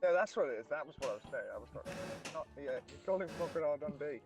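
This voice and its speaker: A man banters through a gaming session, teasing his friends and getting excitable, often restarting his sentences. Game music is clearly audible behind him. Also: a little high, rapid-fire. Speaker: co-player, stream guest. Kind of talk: casual gaming chat.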